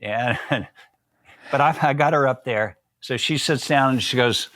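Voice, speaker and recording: An older man tells a long personal story in a relaxed, folksy way, slipping into quoted voices of the people in it. His voice sits in a middle pitch, close to a dry, dead-sounding mic. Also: measured pace, dry recording. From Southern United States. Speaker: guest. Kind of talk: storytelling interview.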